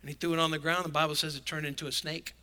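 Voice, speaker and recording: A man's voice: on the high side, level tone, rapid-fire, sharp tone. A male pastor delivering a sermon in an emphatic, conversational preaching manner.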